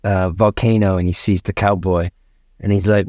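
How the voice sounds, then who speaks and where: A man's voice: low-pitched, normal speed, no echo, studio quality. A man improvising a comedy adventure story as a podcast host. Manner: animated, laughing narration.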